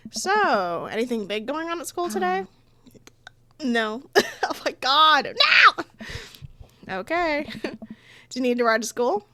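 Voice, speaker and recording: A woman's voice: on the high side, no room sound. A young woman playing a dating game, chatting casually, reading the story aloud and laughing often. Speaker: let's play gamer.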